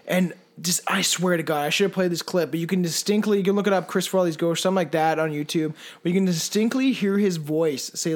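A man co-hosting a podcast in casual chat, rambling and swearing, with many fillers and restarts. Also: high-pitched. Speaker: podcast co-host.

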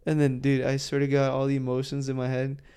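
A man co-hosting a podcast, telling a story in a casual, profane way and acting out the quotes loudly. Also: medium pitch, completely flat delivery, fast talker, clear, resonant tone. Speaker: podcast co-host.

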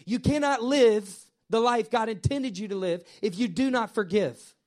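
A male pastor delivers a sermon in a fairly high voice. He talks straight to his congregation, repeating phrases and swelling to emphatic peaks before dropping back down. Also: normal speed. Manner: animated, repetitive preaching that swells and drops; addresses the congregation directly.

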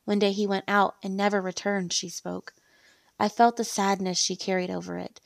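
A woman reads a first-person story aloud in a steady, even storytelling manner. Her voice has a gravelly, creaky texture. The recording is dry and close, with no room sound. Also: mid-range voice, normal speed, no room sound.

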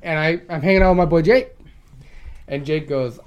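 A man's voice: fairly high pitch, normal speed, pauses often. A young man co-hosting a casual chat with friends, telling crude stories, swearing freely and laughing often. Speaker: podcast co-host.

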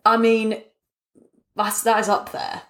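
A woman, co-hosting a casual chat from her flat with animated, jokey asides. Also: on the high side, takes it slowly. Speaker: podcast co-host. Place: home flat.

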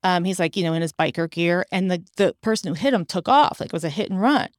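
Lively middle-aged woman telling a story. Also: lowish voice, fast talker, no room sound, clean studio sound. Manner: animated, acts out quoted dialogue. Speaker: podcast host. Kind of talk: casual chat, personal storytelling.

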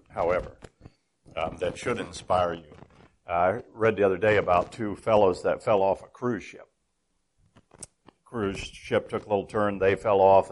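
A man's voice: sits low, darkish tone. Folksy older man preaching a sermon. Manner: folksy storyteller, many ums and restarts. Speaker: guest preacher. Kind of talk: humorous sermon. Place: church with a full congregation.

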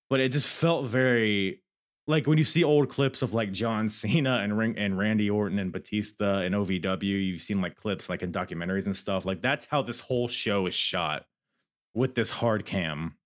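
A man's voice: on the low side, normal speed. A man hosting a podcast, rambling candidly through a casual review and swearing freely. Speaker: podcast host.

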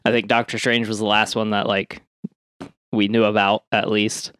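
A man's voice: fairly low pitch, little pitch movement, moderate pace, fairly bright tone, no echo. A man co-hosting a casual comedy podcast, reading odd news and rambling with frequent laughs. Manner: rambling, laughs at own jokes.

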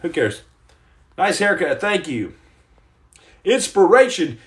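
A man's voice: fairly high pitch, very animated, measured pace, pauses often, echoey room. A man hosting a comedic livestream, reading viewer comments and rambling through jokes with stammered restarts. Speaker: livestream host.

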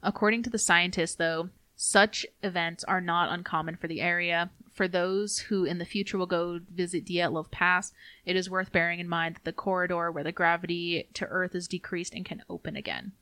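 A woman co-hosting a podcast, reading research notes in a steady, casual way and stumbling over foreign names. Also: fairly low pitch, normal speed, dry recording. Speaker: podcast co-host.

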